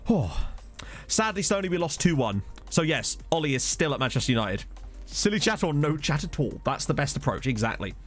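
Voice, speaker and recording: Lively, chatty male game streamer. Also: on the high side, brisk, soft background music. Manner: chatty, rambling, answers viewer chat. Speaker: streamer playing a football management game. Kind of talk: casual live-stream commentary. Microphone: desktop USB microphone.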